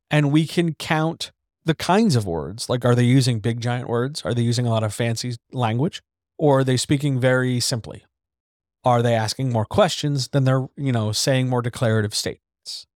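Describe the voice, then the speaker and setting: A man's voice: mid-range voice, dry recording. Man, writing podcast host, casual and blunt, occasional swearing, hard consonants, dragged S's, dry close mic. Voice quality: drags his S's and hits D's and T's hard. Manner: candid, swears freely, brisk and conversational. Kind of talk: casual instructional chat about writing. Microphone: studio microphone.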